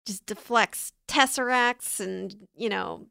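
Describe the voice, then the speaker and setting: A woman's voice: medium pitch, slow pace, vocal fry, sharp tone, dry recording, studio quality. A young woman co-hosting a casual comedy podcast, rambling and giggly. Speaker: podcast co-host.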